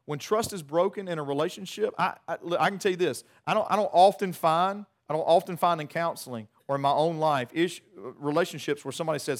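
A middle-aged man, preaching a sermon in a conversational, animated way with many restarts. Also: a little high, quick pace, few pauses. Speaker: pastor.

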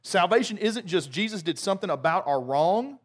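Joking preacher man, fairly high voice. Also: animated, brisk. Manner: conversational, joking asides, frequent restarts. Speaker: pastor. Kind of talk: sermon.

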